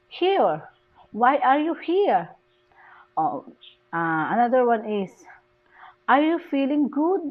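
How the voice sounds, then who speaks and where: Slow-talking Filipino woman teacher. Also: mid-range voice. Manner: slow and deliberate, switching into Tagalog to explain. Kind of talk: classroom lecture on English stress. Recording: dull lo-fi recording.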